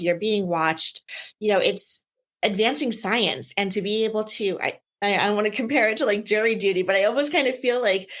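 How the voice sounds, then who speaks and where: Woman podcast host, encouraging interviewer, mid-range voice, warm upbeat questions. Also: medium pitch.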